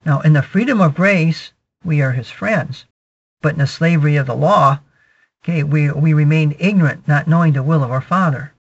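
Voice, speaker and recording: A man preaching a sermon, explaining verses in a measured teaching manner, often saying "okay" and repeating his points. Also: on the high side, slightly rough. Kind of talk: sermon, verse-by-verse Bible exposition. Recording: dull lo-fi recording.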